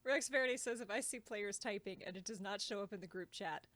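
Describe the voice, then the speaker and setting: A woman's voice: mid-range voice, fast, a crowd in the background. A woman co-hosting a podcast, chatting casually and joking. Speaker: podcast co-host. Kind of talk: casual chat.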